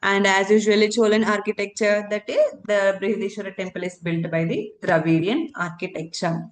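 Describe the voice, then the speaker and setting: A woman's voice: medium pitch, fairly even intonation, a little fast. A woman teaching a current affairs lesson for exam candidates, repeating key terms and answering her own questions.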